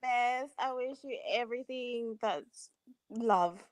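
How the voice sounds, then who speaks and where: A woman's voice: on the high side, slow pace, a crowd in the background. A woman calling into a live show as a gushing, effusive fan. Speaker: caller.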